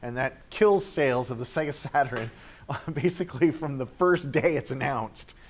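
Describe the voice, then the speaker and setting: A man's voice: medium pitch, animated, normal speed, a little hiss or hum. Chatty man lecturing a class. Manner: chatty, filler-heavy, acts out quoted reactions. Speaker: teacher.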